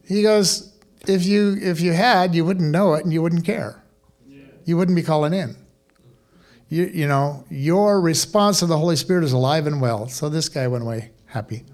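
Man, pastor, sermon, slightly high voice, conversational, animated. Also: normal speed. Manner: conversational, animated preaching with asides.

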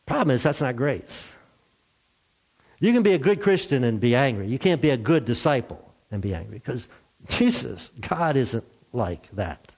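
Animated male preacher. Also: medium pitch, moderate pace, husky. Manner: animated storytelling, acts out characters. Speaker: pastor. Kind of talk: sermon.

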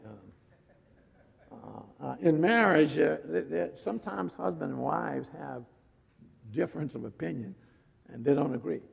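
A middle-aged man preaching a sermon, telling a personal story in an animated way with fillers and restarts, his voice gravelly and husky. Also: a little high. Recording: long reverb of a hall.

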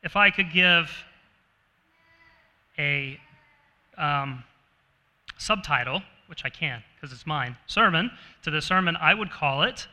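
Slow, bright-voiced pastor preaching. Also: male voice, a little high, animated. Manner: conversational, asks the congregation questions. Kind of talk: sermon. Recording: reverberant hall.

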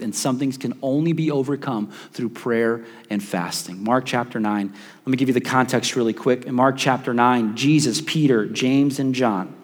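A male pastor preaching a sermon, telling a story with playful asides and frequent restarts. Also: medium pitch. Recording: long hall reverb.

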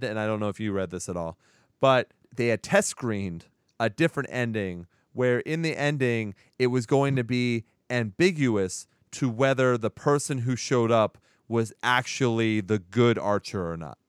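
A man's voice: medium pitch, expressive, unhurried, clean tone, no echo, clean studio sound. A man hosting a casual movie review podcast, retelling scenes animatedly, acting out quotes and laughing often. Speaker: podcast host.

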